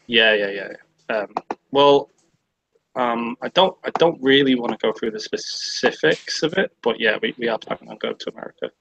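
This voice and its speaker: A man's voice: mid-range voice, moderate pace, vocal fry, a bit bright, highs cut off, slight background noise. A young man with a British accent, hosting a stream from a bedroom and chatting casually, sweary and rambling. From Britain. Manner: sweary, rambling, laughs at himself. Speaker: stream host. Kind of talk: casual chat. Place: sister's bedroom.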